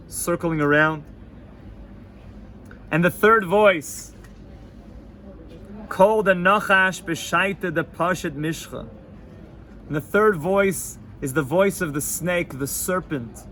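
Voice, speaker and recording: A rabbi gives an informal Torah class, joking and animated as he mixes in Hebrew and Yiddish terms. His male voice sits a touch high. A faint hum of the room lies behind him. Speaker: yeshiva rabbi teaching students.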